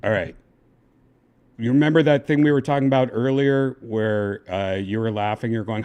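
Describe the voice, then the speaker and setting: A man hosting a casual livestream, coaxing and giving step-by-step instructions in a relaxed, chatty way. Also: mid-range voice, normal speed, clean tone, dull audio. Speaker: livestream host.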